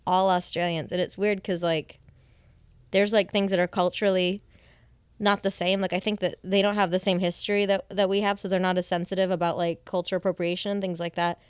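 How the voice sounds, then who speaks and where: A woman's voice: fairly low pitch, little pitch movement, brisk, smooth, no echo. Young adult woman, comedian guest; loose chatty delivery with frequent laughs; dry, close recording. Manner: chatty, laughs often, many "like" fillers. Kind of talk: casual chat. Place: bedroom.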